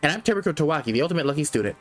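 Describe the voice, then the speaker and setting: Sharp-tongued teen girl voiced by a man, dry put-downs, lower lively delivery, visual novel read-aloud. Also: rapid-fire, soft background music. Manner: dry, cutting remarks.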